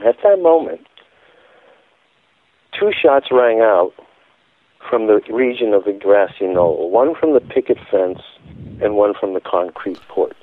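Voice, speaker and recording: Male radio guest, emphatic and insistent, lowish voice, dry thin phone line. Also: expressive, measured pace, pauses often, no room sound.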